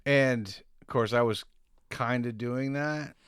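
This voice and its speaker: A young adult man co-hosting a casual podcast chat, telling stories with animated energy and casual swearing. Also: mid-range voice, slow, smooth, no room sound, clean studio sound. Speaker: podcast co-host.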